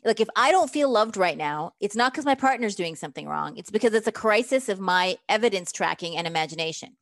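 A woman relationship coach explains her method in an interview, lively and emphatic. She slips into acted-out quoted lines as she talks. Her voice sits at a middle pitch and is recorded dry and close. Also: a little fast, dry recording.

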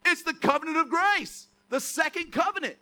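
A man's voice: very high voice, moderate pace, sharp tone. A man preaching a sermon to a congregation, emphatic, often asking rhetorical questions. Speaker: pastor.

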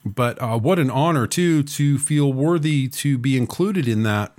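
Man, talk radio host, getting over a cold, lozenge in his mouth, lots of "uh" fillers, sarcastic asides, mid-pitched voice. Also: lively intonation, a little slow, darkish tone. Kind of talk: talk radio news commentary.

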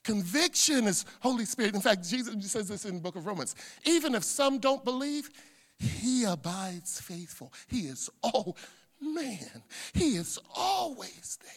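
A middle-aged male pastor preaching a sermon, dropping to hushed asides and rising to loud shouts. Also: sits high, sing-song, measured pace. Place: church sanctuary. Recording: long church hall reverb.

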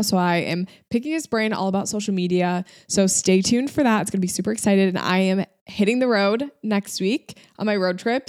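A woman's voice: medium pitch, a little mellow, no room sound, studio quality. A young woman hosting a podcast, chatting casually in a bubbly, rambling way with frequent giggles. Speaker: podcast host. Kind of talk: casual solo podcast chat.

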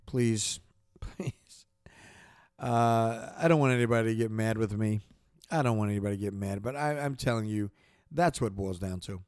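A man's voice: fairly low pitch, fast talker, darkish tone, clean tone, dry recording. A man in the middle of a fired-up podcast monologue, talking straight to his listeners. He repeats himself, stumbles over words, and keeps pushing the same point with rising energy. The sound is close and dry, with no room around it. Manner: passionate, repetitive, gets worked up then apologizes. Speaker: podcast host.

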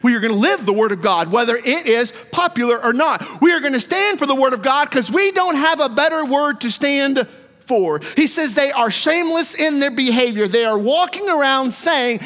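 A man with a strikingly high voice preaches a sermon. His delivery is impassioned, slowing and sinking low to drive points home. The sound carries a long hall reverb, as in a church sanctuary. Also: lively intonation, a bit bright. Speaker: pastor.

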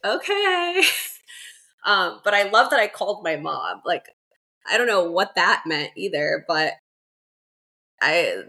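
Woman with a low gravelly voice. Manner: relaxed, filler-heavy, many "like"s. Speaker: guest, mother and doula. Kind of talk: casual storytelling interview.

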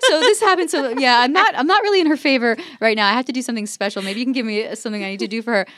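A woman in her forties telling stories in a casual chat as a podcast guest, animated and acting out quotes with frequent laughter. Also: fairly high pitch, rapid-fire, a little hiss or hum. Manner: animated storyteller, acts out quotes, laughs often.

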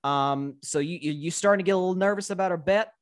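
A man's voice: high voice, fast. A man from Tennessee with a slight Southern accent, co-hosting a casual sports podcast and making his points with emphatic repetition. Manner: emphatic, repeats words when building a point. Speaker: guest co-host.

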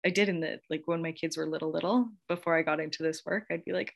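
This podcast host, a woman in her thirties, talks fast in a lowish, steady voice with vocal fry and hardly any pauses. Her casual motivational monologue gushes along, and she laughs often.

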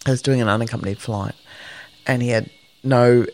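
A woman co-hosting a podcast, telling stories in a casual, animated way and swearing freely. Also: a bass voice, brisk. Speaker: podcast co-host. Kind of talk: casual chat, storytelling.

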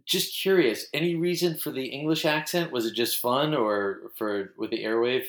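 A man's voice: medium pitch, normal speed, a bit bright. A man interviewing a guest, asking brief, curious questions and offering encouraging remarks. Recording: roomy echo.

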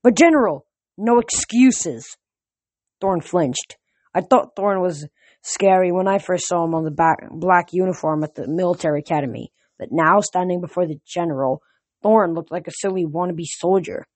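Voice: medium pitch, moderate pace. Reader doing a home audiobook, first person, trips on words and restarts. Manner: first-person narration with frequent slips and restarts. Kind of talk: audiobook reading of a novel.

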